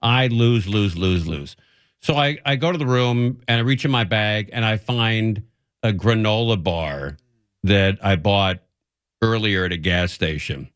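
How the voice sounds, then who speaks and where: A man's voice: on the low side, unhurried, fairly bright tone, smooth, dry recording. A man hosting a radio show, telling a rambling, self-mocking story in casual chat and laughing often.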